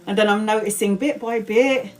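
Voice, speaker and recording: A woman's voice: medium pitch, steady tone, normal speed. A woman in her forties telling a story casually on a live stream, laughing often and swearing freely, then giving a tarot reading. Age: 40s. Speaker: tarot reader.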